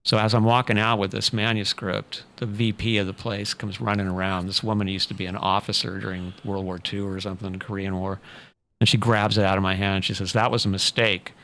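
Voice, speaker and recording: Gravelly guy w a lowish voice, rambling through an old story, lots of "you know". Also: a little fast, a little hiss or hum. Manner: relaxed anecdotal, many fillers. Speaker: podcast guest, author. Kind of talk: casual storytelling.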